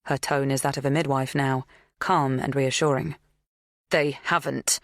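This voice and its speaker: A woman narrating a first-person psychological thriller in a measured, tense, intimate way. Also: extremely low pitch, flat delivery, no room sound, clean studio sound. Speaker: audiobook narrator.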